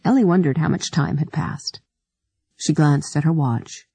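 Low, husky woman narrating. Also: unhurried, dark tone, dry recording. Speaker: audiobook narrator. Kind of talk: scripted narration.

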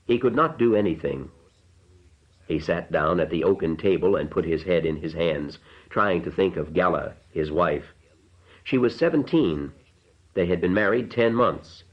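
A man reading an audiobook narration in a measured, unhurried way. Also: low voice, highs cut off.

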